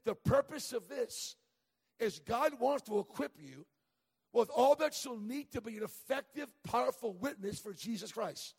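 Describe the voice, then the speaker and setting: A middle-aged male evangelist preaches in a church, his voice pitched very high with a husky, breathy edge. He tells humorous stories and trips over quick restarts. A long reverb trails each phrase through the sanctuary. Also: animated. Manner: storytelling with humor, many stammered restarts. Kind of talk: sermon.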